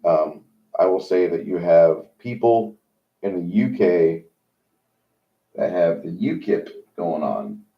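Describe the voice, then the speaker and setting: A man's voice: low-pitched, sing-song. A man hosting a livestream, talking in a rambling, opinionated monologue with many halts. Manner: rambling, opinionated, halting with fillers. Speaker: livestream host. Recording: dull lo-fi sound.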